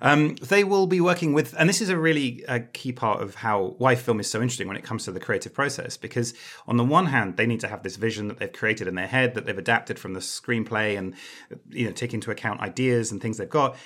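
A man's voice: medium pitch, brisk, fairly bright tone. A man co-hosting a podcast, chatty and explanatory with self-deprecating jokes. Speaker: podcast co-host. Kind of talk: casual explanatory chat.

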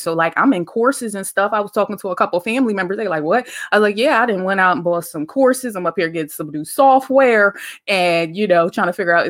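A woman hosting a podcast, talking in a casual, preachy, faith-based monologue full of slang. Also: medium pitch. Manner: conversational, preachy, uses slang and dialect grammar. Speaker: podcast host.

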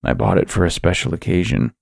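A man voicing a scheming young wife who calmly insists, in a flat, low-key delivery close to his own voice. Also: fast talker, creaky, no room sound, full character voice. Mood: insistent.

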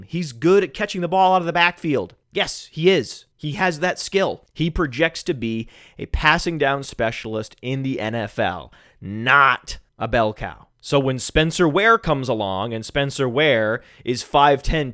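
A man hosting a sports podcast alone, sarcastic and mock-calm, who keeps bursting into shouts. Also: on the high side, no echo, studio quality. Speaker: fantasy football podcast host. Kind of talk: sarcastic solo podcast rant. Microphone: studio microphone.

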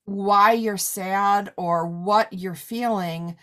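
A woman's voice: mid-range voice, steady tone, drawn-out words, fairly bright tone. A woman in her forties hosting a podcast, chatting casually and filling her talk with "like" and "you know". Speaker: podcast host. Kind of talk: casual interview chat.

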